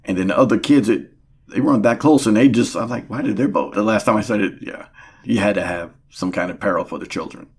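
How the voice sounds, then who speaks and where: A man's voice: on the low side, quick pace, slightly rough. A man speaking as a podcast guest, laid-back, often agreeing and trailing off mid-thought. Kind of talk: casual movie review chat.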